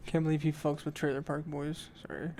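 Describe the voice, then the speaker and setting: A young man co-hosting a podcast, teasing his friends and tacking quick apologies onto his own jokes. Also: fairly high pitch, little pitch movement, dark tone. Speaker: podcast co-host. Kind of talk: casual chat.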